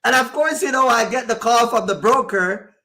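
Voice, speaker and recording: A man's voice: very high-pitched, normal speed, gravelly, sharp tone. A trucking company owner hosting a chat, telling stories emphatically and acting out the arguments he quotes. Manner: emphatic, acts out quoted exchanges. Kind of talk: animated storytelling chat.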